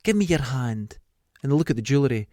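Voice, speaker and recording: A middle-aged man from Scotland hosts a podcast, talking fast in a medium pitch on a dry, studio-quality recording. He tells stories in casual chat, animatedly acting out what people said.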